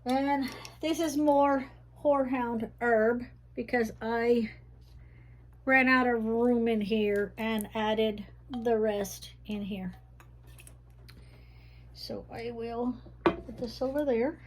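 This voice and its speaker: A woman with a Texas-Tennessee Southern drawl chats in a rambling, casual way, slow and unhurried in her delivery, with a somewhat high voice. She is recording a home vlog indoors. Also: fairly even intonation, slight background noise. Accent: mixed Texas and Tennessee Southern US. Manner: chatty, rambling, says she talks fast. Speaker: vlogger showing her herb shelf. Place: indoors at home, rain outside.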